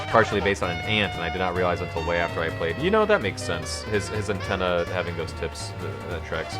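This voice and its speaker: A man's voice: sits low, animated, fast, few pauses. A man giving casual, rambling commentary over a game, full of fillers and restarts. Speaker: let's player. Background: game music.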